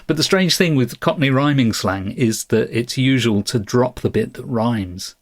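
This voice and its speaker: A man's voice: mid-range voice, moderate pace, dry recording, clean studio sound. A man co-hosting a podcast, chatting casually and often laughing as he explains things. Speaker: podcast co-host.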